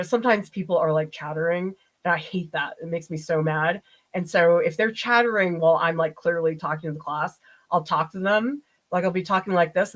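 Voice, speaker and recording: Middle-aged art prof lady chatting through a painting stream, kinda low voice, laughs a lot. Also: poor audio. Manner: chatty, animated storytelling with laughs. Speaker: art professor. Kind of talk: live-stream painting demo answering chat.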